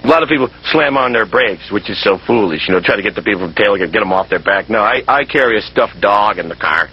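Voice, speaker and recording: A low-voiced man with a very raspy voice tells a stand-up bit in an offhand, matter-of-fact way. His pitch moves a lot. The audio is slightly dull. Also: lively intonation, fast. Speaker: stand-up comedian. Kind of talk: stand-up monologue.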